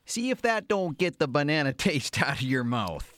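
A woman's voice: sits low, sing-song, moderate pace, dry recording. A woman voicing a friendly, folksy male general store owner.

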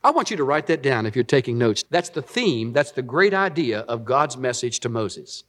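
A middle-aged man preaching a sermon as pastor, rising loud on points of emphasis. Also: mid-range voice, very animated, normal speed.

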